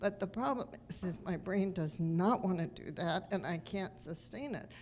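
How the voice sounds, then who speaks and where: A woman audience member in a Q&A candidly describing her own observations, in an animated way. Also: on the low side, moderate pace, slight background noise. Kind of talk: asking a question in a Q&A.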